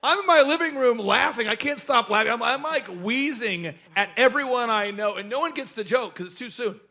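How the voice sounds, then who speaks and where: A middle-aged man telling jokey stories at a business workshop, asking the audience questions and shouting his punchlines. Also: very high voice, a little fast. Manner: animated, jokey, acts out quoted voices. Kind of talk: energetic seminar storytelling to a live audience.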